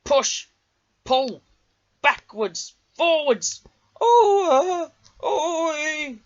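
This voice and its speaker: A narrator voicing a group of stubborn old goods trucks with shrill, squealing cries. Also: lively intonation, extremely slow, muffled recording, heavily acted. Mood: straining.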